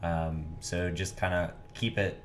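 A man's voice: low-pitched, level tone, slow pace, a little hiss or hum. A young man on a podcast, giving easygoing advice in a casual chat. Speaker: podcast co-host.

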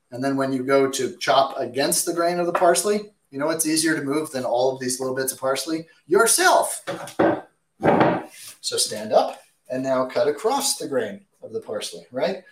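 A man who works as a chef, answering viewer questions with chatty, emphatic cooking advice in a kitchen. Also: mid-range voice. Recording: echoey room.

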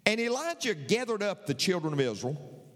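A man's voice: high voice, sing-song, moderate pace, a bit bright, in a large hall. An older male pastor preaching a sermon in an emphatic, repetitive, folksy way with bits of humor.

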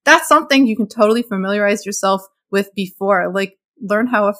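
A woman's voice: medium pitch, fairly quick, fairly bright tone. A woman from Montreal hosting a podcast, talking in a thoughtful, casual way. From Montreal, Canada. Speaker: podcast host.

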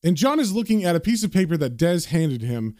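Animated man reading a comic aloud. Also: fairly high pitch, fairly quick, no room sound, clean studio sound. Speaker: comic book reader.

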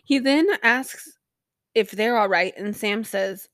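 In an unhurried, mid-range voice that's a bit bright, a young podcast host recaps an episode. Her take is rambling and sarcastic, loaded with swearing and fillers, and the recording is dry.

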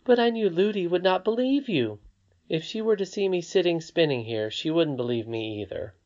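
A narrator voicing a very old, wise great-great-grandmother, speaking softly and calmly. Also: mid-range voice, moderate pace, voice pushed up, lightly acted. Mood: patient. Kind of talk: audiobook character voice. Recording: slightly dull lo-fi recording.

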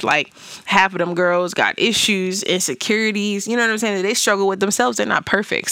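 A young adult woman chatting to her viewers about her life, her voice bright and forward. She talks loosely and warmly, peppering stories with asides and little laughs. The sound is dry and close, with no room around it. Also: medium pitch, no room sound. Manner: chatty, lots of "you know what I'm saying" and laughs. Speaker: vlogger. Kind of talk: casual storytelling to camera.

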